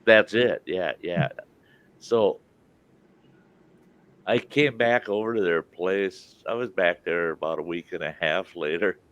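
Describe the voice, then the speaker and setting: Low-voiced guy spinning a slow folksy yarn, keeps chuckling, muffled lo-fi audio. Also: a bit bright, no echo. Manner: laughs through his own story, drawls. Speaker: live-stream host. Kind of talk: folksy anecdote telling. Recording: dull lo-fi stream audio.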